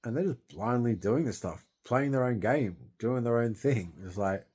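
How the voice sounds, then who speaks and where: A man's voice: medium pitch, animated, normal speed, a little mellow, husky. A young Australian man in distress, grieving and venting in a rambling, sweary monologue into his phone.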